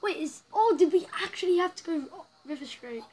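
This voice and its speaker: A woman's voice: very high voice, expressive, normal speed, darkish tone, low-quality recording. A woman giving casual, rambling commentary while playing a story game, reacting aloud as she goes. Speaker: gaming channel host. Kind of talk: casual let's-play commentary.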